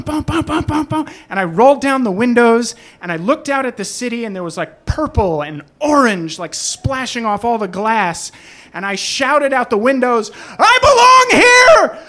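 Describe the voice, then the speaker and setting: A young man spins a personal story for a live crowd, chatty and animated, slipping in laughing asides. His voice sits high and light for a man.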